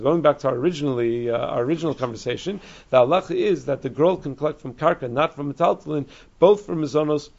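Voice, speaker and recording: A man teaching a Talmud class, explaining quickly with frequent restarts and Hebrew and Aramaic terms. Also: fairly high pitch, gravelly. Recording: dull lo-fi recording.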